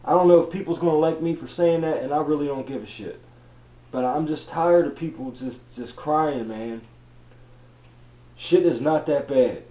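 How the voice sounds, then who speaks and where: Blunt, profane man ranting in an echoey room. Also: on the high side. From Baltimore, USA. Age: 30s. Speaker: reseller vlogger. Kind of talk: blunt motivational rant. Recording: echoey room, dull lo-fi audio.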